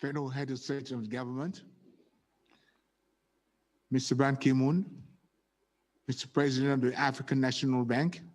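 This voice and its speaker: A man's voice: mid-range voice, little pitch movement, darkish tone. Man giving a solemn formal address. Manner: solemn and deliberate. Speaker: head of state giving a speech. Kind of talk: formal prepared speech.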